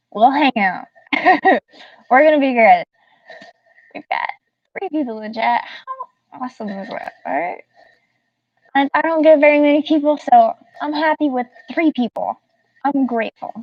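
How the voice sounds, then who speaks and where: Her voice on the high side, a woman from the American South livestreams casually, giggling often and speaking directly to the chat. The recording has no room sound and comes from a distant, dull, dry mic.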